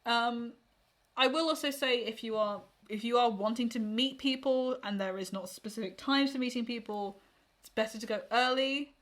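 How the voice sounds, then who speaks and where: Woman, podcast co-host, casual chat, frank, advice-giving, laughs a lot, slightly high voice. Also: moderate pace, a bit bright.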